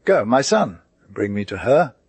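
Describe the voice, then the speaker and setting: A man's voice: mid-range voice, very animated, unhurried, darkish tone, breathy edge, no echo, full character voice. A man reading as a tearful older stepmother. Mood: urgent. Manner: emotional, pleading. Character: older woman, grief-stricken, remorseful stepmother. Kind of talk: audiobook character reading.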